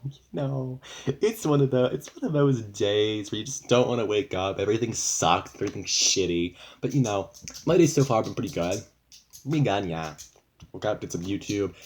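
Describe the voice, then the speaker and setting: A young man talks straight to his camera in a loose, rambling vlog, swearing often and sounding fed up. His voice sits fairly low for a man. He restarts sentences and piles on asides as he vents. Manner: rambling, profane, frustrated. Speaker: vlogger. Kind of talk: casual venting vlog.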